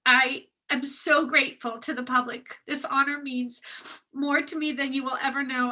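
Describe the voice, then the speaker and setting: A bright, vivid woman's voice, a little higher than most, in a heartfelt acceptance speech. She is choked up, pausing now and then with soft laughs as she thanks teachers and students. The tone stays warm and sincere throughout. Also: poor audio. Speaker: educator receiving an award.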